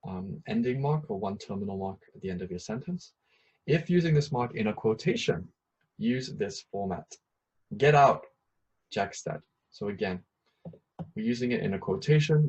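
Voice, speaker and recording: A man with a slightly husky, breathy voice gives a patient grammar lesson. He explains each point and then repeats it in plain terms. The recording sounds a little dull and lo-fi. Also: on the low side, darkish tone. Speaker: English teacher.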